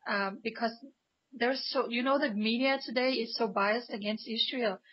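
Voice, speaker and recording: A woman's voice: on the high side, normal speed, slightly rough, muffled recording. A woman from Denmark, a guest on a radio interview, speaking with emphatic passion and frequent restarts. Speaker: guest, pro-Israel activist.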